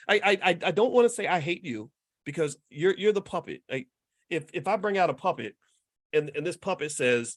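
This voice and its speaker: Man in his fifties, emphatic preacher-style host, bright lively pitch that rises and falls, dry close sound. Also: dry recording. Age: 50s. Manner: emphatic, repetitive preacher-like rhetoric; conversational, asks the audience questions. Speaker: host and finance educator. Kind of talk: lively commentary monologue.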